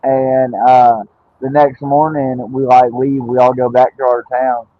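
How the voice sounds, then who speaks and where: A man's voice: medium pitch, little pitch movement, measured pace, dry recording. Laid-back male wrestler guest, loose and full of filler words, on dry, dull audio. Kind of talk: casual storytelling.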